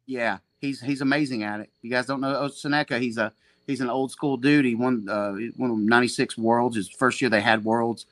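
A man in his forties speaks at a middle pitch, telling loose, profane stories with many false starts. His tone is casual and chatty. The recording is dry and close. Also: steady tone, fairly quick, fairly bright tone, no echo. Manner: rambling, profane, frequent restarts and laughter. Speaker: podcast guest, jiu-jitsu black belt and gym owner. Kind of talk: casual storytelling chat.

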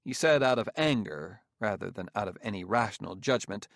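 Gravelly male audiobook narrator. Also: on the low side, animated, fairly quick, hardly any pauses, a bit bright, no echo, studio quality. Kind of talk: scripted narration.

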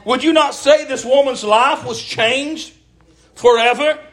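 Middle-aged preacher, very high voice, folksy, impassioned call-and-response sermon, roomy echo. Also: male voice, a little slow. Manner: impassioned, rising to shouts, folksy. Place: church.

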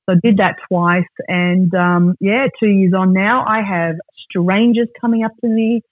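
A woman in her forties with an Australian accent, chatting as a podcast guest and telling stories with lively acted-out quotes. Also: medium pitch, unhurried, no room sound. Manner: bubbly, animated storyteller who acts out quotes. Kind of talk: casual interview chat. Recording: dry, tinny phone-like line.

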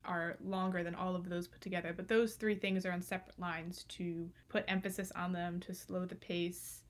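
A woman co-hosting a casual talk about poetry, explaining steadily and slowing down to stress words. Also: lowish voice, little pitch movement. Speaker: podcast co-host.

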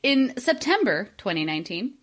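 Woman podcast host, high and lively voice, sarcastic, reads from notes. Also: moderate pace. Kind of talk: casual comedic podcast chat.

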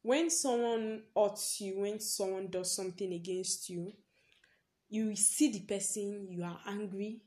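A woman's voice: mid-range voice, unhurried, mellow. A young woman hosting her own podcast, telling a personal story in a loose, chatty way, leaning on "basically" and laughing often. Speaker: podcast host. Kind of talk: casual personal podcast monologue.

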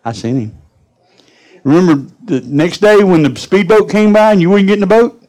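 A man's voice: high voice, moderate pace, darkish tone, pitched above the performer's own voice, close to an everyday voice, rough recording. A man voicing God scolding a stubborn woman in a sermon story. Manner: reproachful, lecturing. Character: God, patient but scolding, exasperated.

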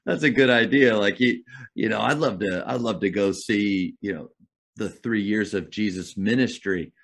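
A man's voice: on the low side, normal speed. A man hosting an interview, chatty and rambling, often stumbling over his words. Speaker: host. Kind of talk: casual interview chat.

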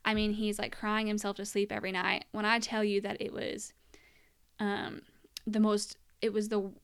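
A woman's voice: mid-range voice, level tone, moderate pace, clean tone. A young woman telling her personal story as a mother in an earnest, emotional monologue, at times close to tears.

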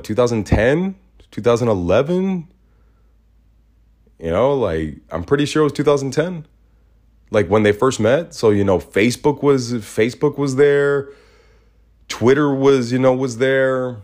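A man's voice: medium pitch, a little mellow. Blunt, profane ranting man. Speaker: podcast host. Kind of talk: casual heated rant.

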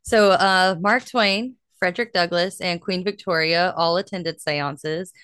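A woman's voice: fairly low pitch, unhurried, a bit bright, clear, resonant tone, no echo, clean studio sound. A young woman co-hosting a casual podcast, chatty and full of fillers, laughing easily. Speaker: podcast co-host. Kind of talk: casual chat.

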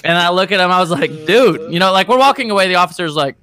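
A man's voice: high-pitched, very fast, clean tone. A young man co-hosting a podcast, telling a story in casual chat and saying "dude" and "bro" often. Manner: animated, peppers talk with "dude" and "bro". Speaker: podcast co-host.

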